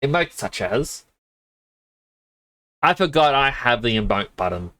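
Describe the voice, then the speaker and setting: A man streaming a game, sniffling a little and telling rambling stories with quick laughs into a desk mic. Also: mid-range voice, big pitch swings, sharp tone. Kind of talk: casual chat while gaming.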